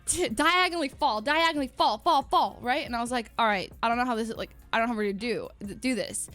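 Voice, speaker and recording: A young woman with a high voice tells a rambling story to her stream chat, casual and animated. She laughs often and jumps up in pitch when she acts out what people said. Faint music plays softly behind her. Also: quick pace. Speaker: livestreamer.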